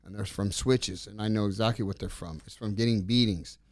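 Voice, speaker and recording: A middle-aged man telling stories in a casual interview, rambling and animated as he acts out the dialogue. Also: on the low side, brisk, dry recording, studio quality. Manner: rambling, animated storyteller acting out quoted dialogue. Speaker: interview guest.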